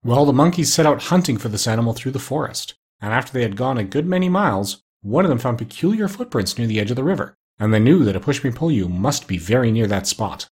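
A man narrating a children's storybook aloud in an expressive, measured reading. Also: mid-range voice, breathy edge.

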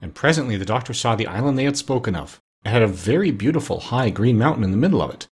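Husky male narrator, mid-range pitch, expressive steady read-aloud for a storybook. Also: fast.

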